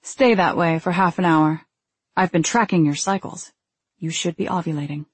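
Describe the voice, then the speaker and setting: A woman's voice: on the low side, normal speed, slightly rough, no echo. A woman reading the lines of a cold, controlling husband in a curt, condescending tone.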